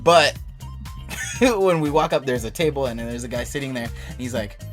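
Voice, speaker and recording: A young man hosting a casual chat, telling a story in an animated, swearing way and laughing often. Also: mid-range voice, normal speed. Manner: animated, profane, laughs while telling stories. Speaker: channel host. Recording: background music playing.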